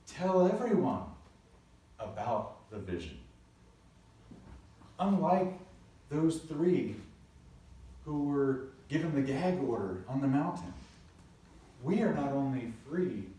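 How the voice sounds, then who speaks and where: A male pastor preaches in a slow, unhurried way, his voice dark and mellow. He tells stories earnestly and drops in playful asides. The sound comes from a very echoey church sanctuary, picked up from a distance with faint room noise behind him. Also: mid-range voice, lively intonation. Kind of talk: sermon.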